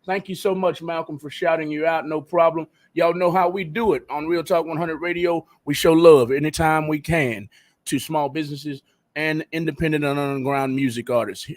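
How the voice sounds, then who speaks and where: A man's voice: on the high side, fairly even intonation, moderate pace. A man hosting a live radio talk show, chatting casually with loose, joking slang.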